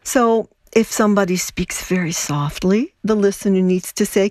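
A woman, a communication coach, explaining advice in a measured, instructive way. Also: medium pitch, a little mellow, dry recording, studio quality. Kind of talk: interview talk.

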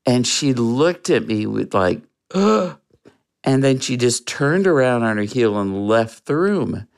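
A guest telling a personal story in an interview, in an earnest, reflective way with soft laughs. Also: mid-range voice, expressive, a little slow, gravelly.

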